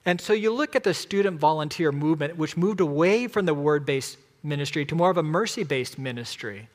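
A man's voice: on the high side, lively intonation, a little fast. Emphatic male preacher in a reverberant hall. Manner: emphatic, rhetorical questions to the audience. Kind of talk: sermon.

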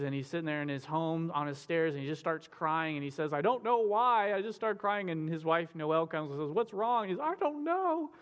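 A man's voice: a little high, in a large hall. A man giving an earnest, conversational teaching on biblical counseling, reading scripture aloud with frequent fillers. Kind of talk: sermon-style teaching with read scripture.

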